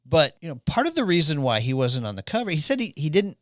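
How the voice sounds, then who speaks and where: A man's voice: fairly high pitch, fast, no echo, studio quality. A man co-hosting a podcast, telling stories in casual chat and acting out the quotes. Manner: animated, acts out quotes while telling stories. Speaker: podcast co-host.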